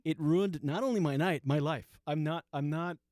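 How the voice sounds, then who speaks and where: A man's voice: fairly high pitch, moderate pace, darkish tone, no echo, clean studio sound. A man in his forties hosting a podcast, telling a story casually, swearing often and laughing through it. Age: 40s. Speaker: podcast host.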